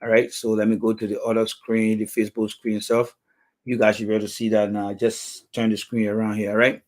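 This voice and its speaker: A man's voice: lowish voice, completely flat delivery, fairly quick. Liberian English man, livestream host, blunt, repetitive, calls out commenters. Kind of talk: live stream talk reading comments.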